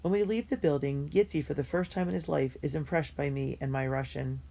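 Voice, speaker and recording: A woman reading a first-person diary story aloud in an earnest and expressive way. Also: deep voice, brisk, gravelly. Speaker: audiobook reader.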